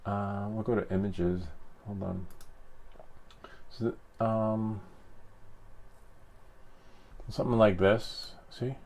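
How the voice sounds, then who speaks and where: A man's voice: lowish voice, fairly even intonation, drawn-out words, long pauses, a little mellow, slight background noise. A man chatting casually with his live-stream viewers, rambling and teasing with many fillers and chuckles. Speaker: live streamer and 3D printing hobbyist.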